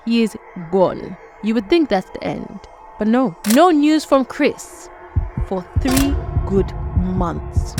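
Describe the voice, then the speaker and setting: A woman narrating a true-life story in a casual, conversational way, talking straight to listeners. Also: medium pitch. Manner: animated, conversational, addresses listeners directly.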